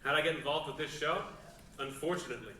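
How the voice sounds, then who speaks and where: A man in his thirties from the Pittsburgh suburbs doing crowd-work questions on a theater stage, deadpan, with odd pauses and lots of swearing. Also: on the high side. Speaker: stand-up comedian. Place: large theater. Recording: roomy, distant theater recording with crowd noise.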